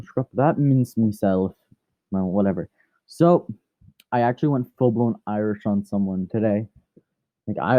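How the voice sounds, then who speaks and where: A man's voice: medium pitch, dry recording, dull audio. A man rambling through a casual fan story, chatty and often correcting himself.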